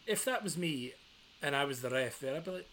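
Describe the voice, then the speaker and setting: A man's voice: medium pitch, lively intonation, brisk, crowd noise. A man co-hosting a wrestling podcast, telling stories with wry, dry humour in casual chat. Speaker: podcast co-host.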